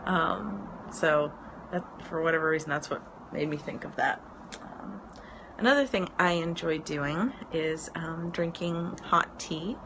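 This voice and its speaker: Her voice sits low and she takes her time as this thirtysomething business mentor chats on a live stream from her porch. She rambles with frequent ums and laughs easily, and road noise runs underneath.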